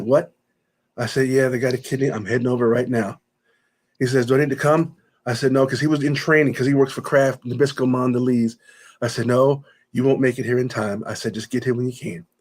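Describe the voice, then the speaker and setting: Male interview guest, mid-pitched, emotional storyteller who retells dialogue and repeats himself. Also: a little mellow. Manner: retells conversations in quoted speech, often repeating himself. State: choked up at times.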